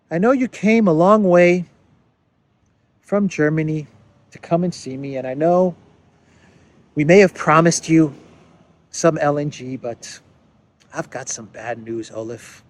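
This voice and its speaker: A sheepish, apologetic head of government, as a man puts on a mocking impression, his voice pushed up high and soft. He sounds eager to please and pleads his case. The voice rises well above an ordinary man's talk. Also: takes it slowly, long pauses.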